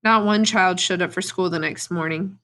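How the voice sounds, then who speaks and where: A woman teacher reading a novel aloud to her students at a steady, plain pace, with brief asides to the class. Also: on the low side, normal speed.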